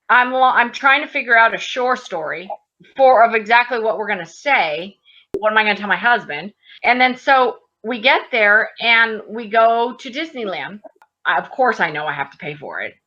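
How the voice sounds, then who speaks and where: A woman's voice: fairly high pitch, bright, forceful tone, highs cut off. A woman in her thirties telling a personal story in casual conversation, animatedly acting out the dialogue. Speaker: guest.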